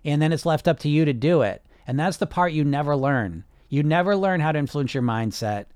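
A man's voice: on the high side, expressive, fairly quick, a little mellow, smooth, no echo. Blunt, passionate man with a dry sound. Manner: blunt and passionate, swears, many restarts. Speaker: podcast host and weight loss coach. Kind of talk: casual unscripted podcast talk.

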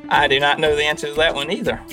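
A man with a Southern US accent, a peanut expert guest giving slow, polite answers on a quiz podcast. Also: a little high, flat delivery, pushed and bright, soft background music. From Virginia.

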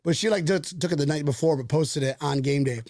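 A man co-hosting a casual podcast, jokey and animated. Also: on the high side, quick pace, no echo, clean studio sound. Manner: jokey, animated, puts on silly accents. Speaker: podcast co-host. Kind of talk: casual chat.

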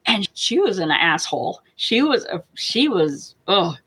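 A woman's voice: on the low side, a little slow, breathy edge, rough recording. A woman co-hosting a podcast in casual chat, telling a story with lots of laughter and acted-out quotes. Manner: animated storyteller, laughing often, acts out quotes. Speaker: podcast co-host.

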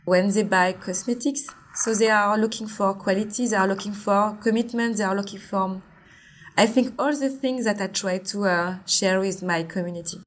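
A woman's voice: medium pitch, moderate pace. French-accented woman in her forties. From Martinique. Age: 40s. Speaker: founder of a skincare brand. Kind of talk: interview.

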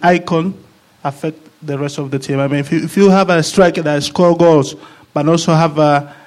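Man, former player on a panel, halting delivery, repeats himself, voice a bit high. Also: fairly even intonation, darkish tone. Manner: halting, repeats words while searching for them. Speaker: guest, former player of the club. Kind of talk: casual panel chat.

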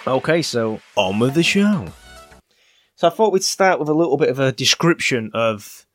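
A Northern English man co-hosts a podcast, chatting loosely and often circling back mid-sentence. His voice sits at a mid pitch, with music playing behind. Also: animated, moderate pace. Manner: rambling, chatty, with fillers and restarts. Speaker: podcast co-host. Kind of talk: casual podcast chat.

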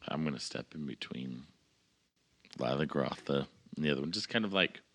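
A man with an extremely deep voice speaks as a player at a tabletop game, calm and placating. He talks easily and informally. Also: normal speed. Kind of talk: tabletop role-play.

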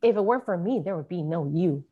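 A woman's voice: lowish voice, expressive, quick pace, phone-quality sound. A woman voicing an enraged older mother who is scornful and domineering, read aloud from a memoir with a cutting, scolding delivery. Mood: scornful fury.

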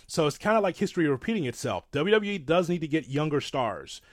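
A man co-hosting a casual wrestling talk show, rambling and self-deprecating, with animated asides. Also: a little high, quick pace, no echo, studio quality. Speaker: podcast co-host.

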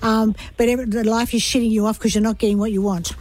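A woman's voice: a little high, little pitch movement, fast talker, a crowd in the background. A woman interpreting callers' dreams on a radio call-in show, chatty and reassuring. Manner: chatty, reassuring, laughs often.

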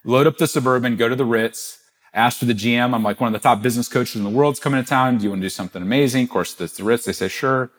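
A middle-aged man, a podcast guest, telling a business story with animated quoted dialogue. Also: mid-range voice, racing. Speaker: guest, gift-giving business founder.

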